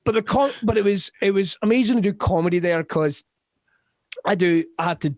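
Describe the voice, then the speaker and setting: A middle-aged Scottish man, a comedian guest on a podcast, tells animated stories, laughs often and slips into quick character voices. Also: sits high, no echo. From West Scotland. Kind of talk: casual podcast chat.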